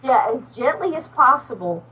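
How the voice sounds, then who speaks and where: A woman's voice: high voice, normal speed, far from the mic, dull audio, a crowd in the background. A woman guest on a podcast telling a personal story in a casual way, acting out the voices of the people in it. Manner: animated storyteller, acts out dialogue. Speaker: podcast guest, psychic medium.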